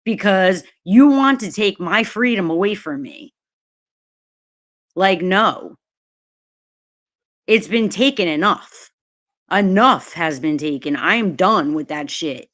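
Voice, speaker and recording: A woman's voice: lowish voice, animated, slow pace, long pauses, fairly bright tone. A woman hosting a casual livestream, ranting angrily and swearing, repeating herself often. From New Jersey, USA. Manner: angry, profane, repeats herself. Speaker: livestream host.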